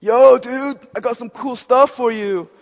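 A man acting out a swaggering young male tempter in a one-man skit, loud and excited. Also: extremely high pitch, measured pace, creaky, big-room sound, pitched above the performer's own voice, exaggerated voice. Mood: tempting.

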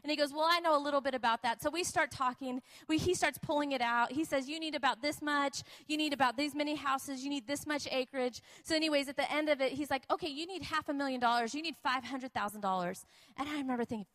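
High-voiced woman preaching with fervor. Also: fast. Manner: animated storytelling, acting out quoted voices, repetitive emphatic preaching. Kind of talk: sermon with personal story.

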